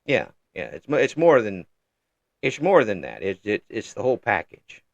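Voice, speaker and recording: A man hosting an interview, speaking in a halting way and repeating words while he thinks. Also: fairly low pitch, wildly swooping pitch, vocal fry, dry recording. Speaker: interview host. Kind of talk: casual interview chat. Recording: dull, lo-fi dry mic.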